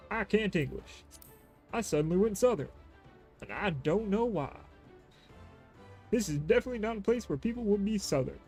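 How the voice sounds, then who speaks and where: A man's voice: high-pitched, expressive, normal speed, long pauses, a little mellow, faint music behind. A man streaming a game, chatting casually and joking at his own expense while he reads dialogue aloud. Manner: self-deprecating, swears casually.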